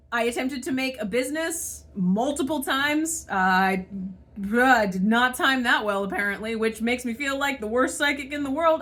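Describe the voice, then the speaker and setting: A woman's voice: sits high, normal speed, a bit bright. A woman venting her frustration in a monologue, swearing often and sighing between thoughts. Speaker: spiritual channel host. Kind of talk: emotional monologue vent.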